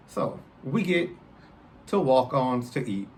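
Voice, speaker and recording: A man's voice: a little high, normal speed. A man in his thirties spins a personal story, his voice bouncing up and down as he acts out every exchange. He talks right to the listeners, loose and chatty, over a faint background hiss. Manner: animated, addresses listeners directly, acts out quotes. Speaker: podcast host.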